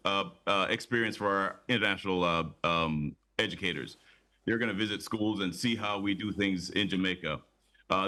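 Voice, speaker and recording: A man's voice: fairly low pitch, bright, forceful tone. A man speaking as a guest on a morning TV show, eager and promotional, often repeating words as he builds his point. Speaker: conference organizer, guest. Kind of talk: studio interview.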